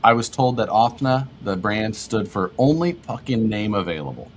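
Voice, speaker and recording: A man co-hosting a casual livestream, relaxed, laughing often as he reads viewer comments aloud. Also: lowish voice, moderate pace, slight background noise. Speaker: livestream co-host.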